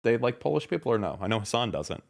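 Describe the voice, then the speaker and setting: A man in his thirties with a gravelly, fry-laden voice, hosting a casual podcast. He reads tweets aloud with dry sarcasm and mocking asides. His pitch sits at an ordinary middle level for a man. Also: big pitch swings, fast talker. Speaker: podcast host reading tweets. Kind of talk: casual reaction chat.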